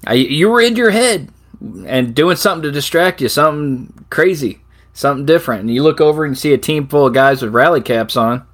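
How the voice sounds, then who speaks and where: A man's voice: a little high, lively intonation, brisk, a bit bright. A middle-aged man co-hosting a casual chat, telling loose stories and laughing often. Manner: laughs often, rambling storyteller. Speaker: podcast co-host.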